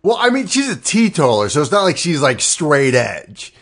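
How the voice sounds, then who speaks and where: A man's voice: fairly high pitch, big pitch swings, normal speed. A man co-hosting a comedy podcast, explaining his improvised joke with restarts. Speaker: podcast co-host.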